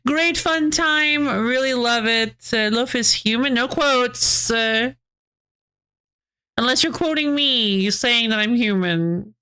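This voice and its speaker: A woman's voice: a little high, takes it slowly, bright, forceful tone, clear, resonant tone. A woman streamer chatting casually with her viewers, rambling, restarting her sentences and giggling often. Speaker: game streamer. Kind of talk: casual live-stream chat, answering chat.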